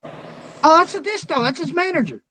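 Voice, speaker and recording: Man, interviewer, high-pitched voice, loud profane storytelling, faint background hiss. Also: lively intonation, normal speed, rough recording. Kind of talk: casual storytelling.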